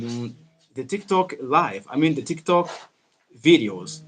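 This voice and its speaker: A man's voice: medium pitch, expressive, measured pace, a bit bright, slight background noise. A young man whose first language is Kinyarwanda, teaching English on a live stream in an earnest way, often repeating himself and restarting phrases.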